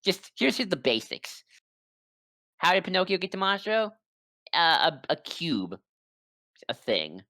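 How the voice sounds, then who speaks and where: A woman podcast co-host recapping a game plot in casual chat, rambling with quick asides, close on a desk microphone. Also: fairly low pitch, sing-song, fairly bright tone, no echo.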